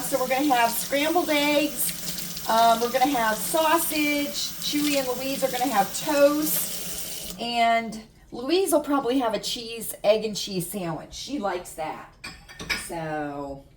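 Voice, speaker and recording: A middle-aged American woman vlogger telling stories and chatting casually to her viewers, repeating herself for emphasis. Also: a little high. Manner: chatty, animated storytelling with repetitions. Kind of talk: casual chat to camera. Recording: distant mic with faint room noise.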